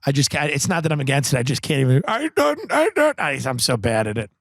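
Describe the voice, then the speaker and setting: A man from Long Island hosting a podcast, delivering a comedic monologue with sardonic, deadpan exaggeration into a close studio microphone. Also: medium pitch, fast talker, no echo. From Long Island, New York. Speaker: podcast host.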